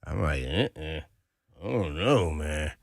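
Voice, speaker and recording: A man's voice: on the low side, moderate pace, no echo. A man with a drawl talks football on a studio mic, voice leaping up and down as he acts out coaches and teammates. He laughs easily and tells stories with gusto. The sound is close and dry, with no room in it. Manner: animated storyteller, laughs often, acts out quotes. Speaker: sports radio co-host, former NFL player. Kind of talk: casual sports talk. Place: radio studio.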